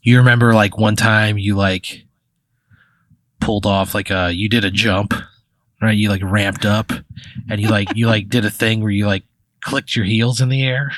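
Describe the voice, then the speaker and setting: A man's voice: on the low side, fairly even intonation, moderate pace, a bit bright, no echo. A man hosting a comedy podcast, narrating a rambling second-person hypothetical full of "like" and swearing. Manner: rambling, heavy use of "like" and swearing. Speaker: podcast host spinning a hypothetical.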